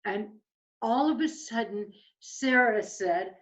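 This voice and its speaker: A woman reading a picture book aloud to children, gentle and expressive. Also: a little high, takes it slowly. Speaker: children's storyteller. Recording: slightly muffled lo-fi recording.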